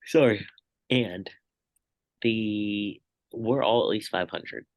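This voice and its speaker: Gravelly low-voiced man, dry sound. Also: slow pace, no echo. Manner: laid-back, short agreeing replies and dry jokes. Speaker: podcast co-host. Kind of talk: casual sports betting chat.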